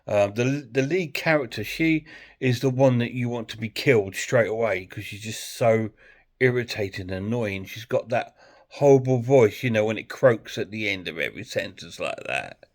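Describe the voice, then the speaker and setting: A man's voice: mid-range voice, moderate pace, a little mellow. A man chatting bluntly and ramblingly as he reviews a film for his channel. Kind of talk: casual film review vlog.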